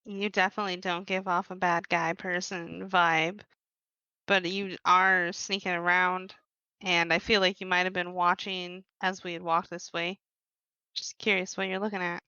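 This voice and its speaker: A woman playing a tabletop game, speaking in a calm, measured way. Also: on the low side, smooth, no echo, highs cut off. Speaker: player.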